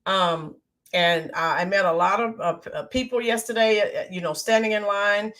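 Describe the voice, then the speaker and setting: An American woman hosting a casual livestream, greeting viewers by name with lots of filler ums, her voice a bit hoarse from yelling the day before. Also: mid-range voice, normal speed. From United States. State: voice slightly hoarse from screaming. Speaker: livestream host. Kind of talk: casual live-stream chat.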